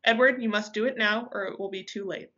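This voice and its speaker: A woman voicing a calm, methodical male doctor, reading a story aloud. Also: mid-range voice, brisk, lo-fi sound, natural voice. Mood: urgent. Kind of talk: amateur audiobook reading.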